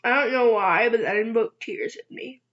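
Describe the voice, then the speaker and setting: A woman's voice: fairly high pitch, moderate pace. A young woman chatting casually in an eating vlog, rambling and giggling at herself, with a dull lo-fi recording. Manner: giggly, rambling, self-teasing. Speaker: vlogger. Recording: dull lo-fi sound.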